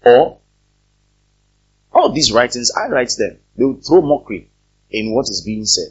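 Male pastor, husky, animated preacher; muffled lo-fi sermon recording. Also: mid-range voice, measured pace, long pauses. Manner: animated, rising to loud emphatic peaks; speaks directly to the congregation with questions. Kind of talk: preaching a sermon with scripture reading.

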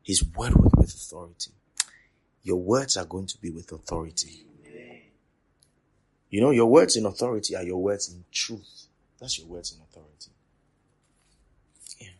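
Male preacher, low husky voice, emphatic and repetitive sermon delivery. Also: moderate pace, pauses often. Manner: repetitive, emphatic, swings from loud to quiet. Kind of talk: sermon teaching.

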